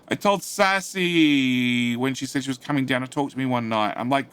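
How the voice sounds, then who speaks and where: Bright-voiced chatty male game streamer. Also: medium pitch, moderate pace, smooth. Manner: rambling, chatty, swears casually, frequent "uh". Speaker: gaming live streamer. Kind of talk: casual live-stream chat, reading chat aloud. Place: home studio.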